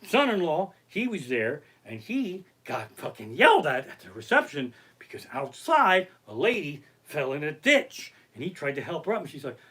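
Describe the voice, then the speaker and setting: Brief: high, bright-voiced man doing stand-up stories at home, swearing freely, very animated. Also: moderate pace, few pauses, slightly rough. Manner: profane, animated anecdotes. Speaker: comedian. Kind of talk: stand-up storytelling on a live stream. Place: his living room. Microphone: basic home setup.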